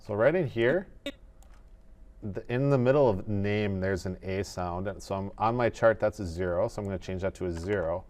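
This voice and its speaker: A man teaching animation in a screen-recorded tutorial, explaining each step in a methodical, relaxed way. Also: on the low side, moderate pace.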